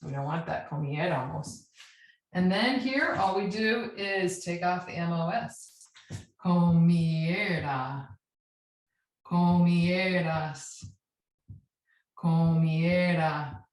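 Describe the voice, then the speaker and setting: Woman, teacher, patient explaining, lowish voice, echoey room. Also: lively intonation, unhurried. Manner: patient, checks in with "right?" and spells endings out. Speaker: Spanish teacher. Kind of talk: classroom lesson.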